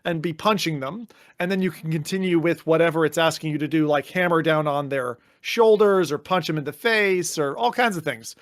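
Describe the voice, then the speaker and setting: A podcast co-host with a fairly high-pitched voice chats casually and animatedly, slipping into mock voices and swearing. He talks fairly quickly with hardly any pauses, and the sound is clean studio audio with no room sound.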